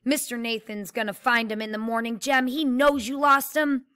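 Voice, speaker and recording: A woman's voice: a little high, little pitch movement, normal speed, a bit bright, clean tone, pitched above the performer's own voice, natural voice. A woman reading the lines of an anxious young girl pleading with her brother. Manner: plain read-aloud dialogue.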